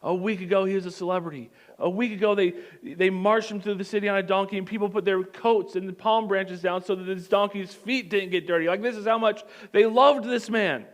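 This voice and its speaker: A man preaching a sermon as pastor, telling the story in an animated way with comic asides. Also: high voice, a little fast, few pauses.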